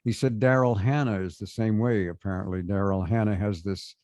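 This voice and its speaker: A man's voice: lowish voice, steady tone, darkish tone, no room sound. Older American man, dry, thoughtful storyteller. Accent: standard American. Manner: thoughtful, anecdotal, measured. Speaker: guest voice actor. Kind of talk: interview conversation.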